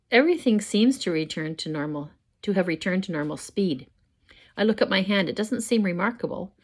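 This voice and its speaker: An older woman reading her own first-person story aloud at home, measured and expressive. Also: on the low side. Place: home, with a pet dog nearby.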